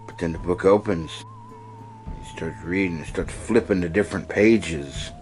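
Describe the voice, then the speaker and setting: A man's voice: low-pitched, normal speed, darkish tone, soft background music. A man giving a casual, sarcastic and profane film review, retelling scenes.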